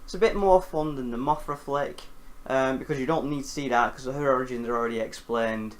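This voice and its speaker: A man's voice: mid-range voice, a little fast. Jokey man recapping a film. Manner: animated, jokey, swears casually. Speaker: film reviewer host.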